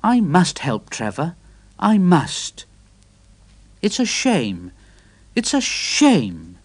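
Give me an earnest little tank engine, as a man voices him, high-pitched and lively. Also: extremely slow, husky, no room sound, full character voice. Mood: determined. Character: eager, kind-hearted male tank engine.

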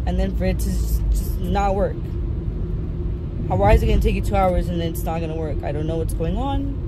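Young woman, casual vlog, chatty venting, handheld camera, clear traffic noise behind. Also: medium pitch. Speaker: vlogger.

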